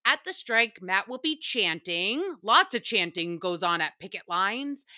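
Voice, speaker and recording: Bright-voiced, animated woman podcaster. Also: mid-range voice, no room sound, studio quality. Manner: animated, profane, laughs often. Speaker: podcast host recapping reality TV. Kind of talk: casual chat.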